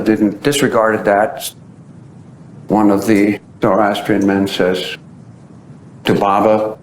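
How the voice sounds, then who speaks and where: A man giving a storytelling talk, acting out the voices of the people he describes. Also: slow pace. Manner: animated storyteller who acts out quoted voices. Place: at the site being described. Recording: roomy echo with faint low rumble.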